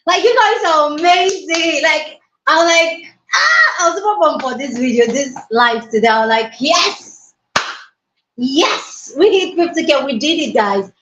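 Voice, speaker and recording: A woman hosting a casual livestream from her mobile phone, hyper, excitable and loud as she greets her viewers. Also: sits high, measured pace, a little hiss or hum. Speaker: livestream host. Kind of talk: casual live-stream chat. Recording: roomy, dull lo-fi phone audio.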